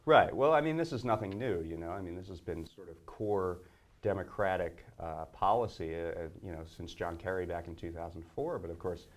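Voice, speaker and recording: Male guest co-host, low voice, thoughtful, halting delivery with lots of uh's and you-knows. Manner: hesitant, many fillers, measured. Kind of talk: casual political discussion.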